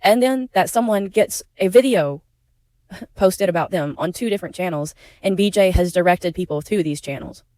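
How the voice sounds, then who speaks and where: In a dark, lowish voice at a moderate pace, with no room sound, a YouTube commentator speaks bluntly and indignantly. She's outspoken about having been a victim herself, emotional and sometimes close to tears, cursing when she gets upset.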